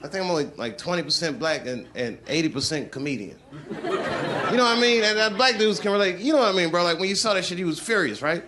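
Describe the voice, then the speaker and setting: A man doing profane stand-up comedy on a live stage, animated and acting out the voices of people he quotes. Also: sits high, fast. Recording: loud crowd laughter over noisy live sound.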